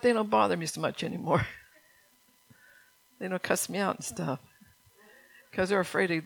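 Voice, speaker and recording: A woman's voice: mid-range voice, vocal fry, dry recording, rough recording. A woman preaching a sermon in a folksy, earnest way, often laughing between points.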